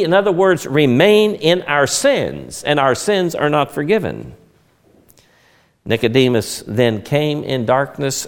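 A man preaching a sermon in an emphatic, expressive way, his voice dropping suddenly at times. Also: mid-range voice. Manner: emphatic, expressive delivery with sudden drops in volume.

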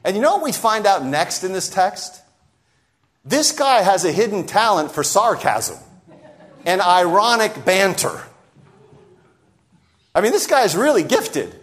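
A man preaching a sermon, talking straight to his listeners and acting out the voices in the story he tells. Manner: animated, sweeping pitch and loudness, acts out quoted voices.

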